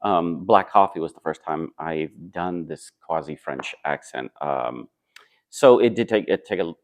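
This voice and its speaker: A man who acts on stage answers interview questions in a relaxed, thoughtful way, pausing often with fillers and restarting his sentences. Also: sits low. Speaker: stage actor.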